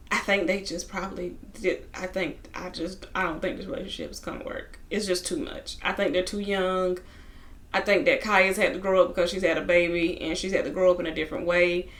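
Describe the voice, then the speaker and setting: A woman's voice: on the low side, pushed and bright. A woman casually recapping a reality TV episode, chatty, with lots of asides. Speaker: TV reality show reviewer.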